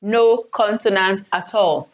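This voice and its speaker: A woman's voice: mid-range voice, slow pace. A woman teaching an English lesson who repeats key phrases and keeps checking with "okay?". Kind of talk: classroom lesson. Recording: dull lo-fi recording.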